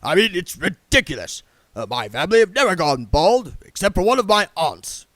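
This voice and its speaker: A man reading aloud and voicing a loud, impatient wizard chief who blusters and barks his lines. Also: sits high, big pitch swings, moderate pace, no echo, pitched above the performer's own voice. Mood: indignant. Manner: bellowing, indignant.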